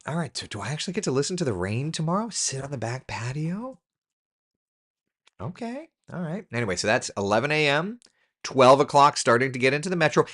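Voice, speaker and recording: Reading the forecast on a relaxed weather live stream, this host keeps up chatty banter and jokes with his viewers. Now and then he scolds the computer in mock frustration, his voice medium in pitch and fairly bright.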